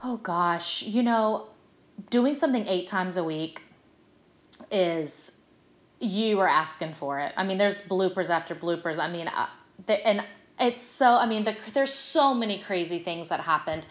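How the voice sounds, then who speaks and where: Chatty actress in a roomy space. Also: female voice, on the low side, a little slow. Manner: animated, chatty, lots of fillers. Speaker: guest, stage actress. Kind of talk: casual interview storytelling. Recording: roomy echo.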